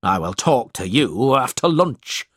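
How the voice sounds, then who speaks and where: A man's voice: medium pitch, sing-song, measured pace, fairly bright tone, breathy edge, no room sound, clean studio sound, full character voice. A man voicing a cruel, bullying middle-aged schoolmaster who barks threats in a storybook reading. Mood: angry threatening. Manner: barking, menacing.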